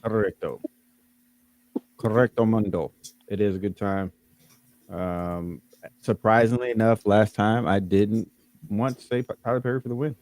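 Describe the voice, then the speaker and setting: Deep guy hosting a podcast, rambly, lots of ums, dry room. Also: fairly even intonation, moderate pace, darkish tone, no room sound. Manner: rambling, jokey, many fillers. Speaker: podcast host. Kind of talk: casual podcast wrap-up.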